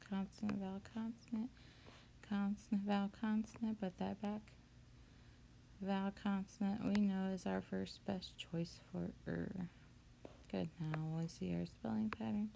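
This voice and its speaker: A woman teacher walking through a spelling lesson, patient and steady as she breaks words into syllables. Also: medium pitch, gravelly, a little hiss or hum.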